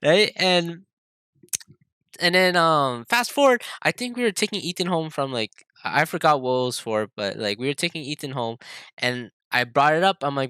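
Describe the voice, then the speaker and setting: A young man co-hosting a podcast, telling a story in a casual, animated way, swearing and acting out quotes. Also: fairly high pitch, moderate pace, smooth, no room sound. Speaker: podcast co-host. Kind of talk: casual chat.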